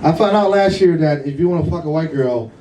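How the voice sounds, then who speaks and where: A man's voice: fairly high pitch, brisk, distant mic. A man from Puerto Rico doing a stand-up comedy set in a bar, profane and laughing through his jokes. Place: kava bar comedy night, indoors. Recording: roomy bar audio from afar, crowd audible. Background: crowd laughter.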